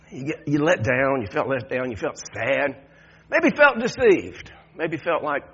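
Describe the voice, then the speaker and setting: A man's voice: mid-range voice, breathy edge. A man preaching an Easter sermon in a conversational way, often repeating words and chuckling. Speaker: pastor. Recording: dull lo-fi sound.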